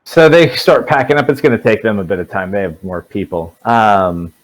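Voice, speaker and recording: A man running a tabletop game as dungeon master, narrating in a relaxed, rambling way. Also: lowish voice, normal speed, rough recording.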